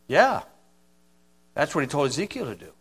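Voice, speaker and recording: A man's voice: fairly high pitch, wildly swooping pitch, moderate pace, fairly bright tone, breathy edge. A man preaching an informal sermon in a folksy, blunt way, often asking "okay?".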